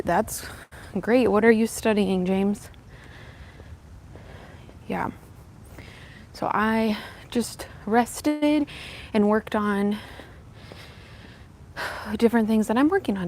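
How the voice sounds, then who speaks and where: A woman's voice: fairly high pitch, a little mellow. Chatty young woman streaming on a windy walk. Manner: chatty and upbeat, greeting viewers by name. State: slightly out of breath from walking uphill. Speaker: vlogger live-streaming. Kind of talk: casual live-stream chat while walking.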